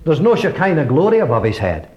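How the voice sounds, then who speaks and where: A man preaching a sermon in an emphatic way, asking rhetorical questions and dropping from loud lines to hushed ones. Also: fairly high pitch, big pitch swings, quick pace, lo-fi sound.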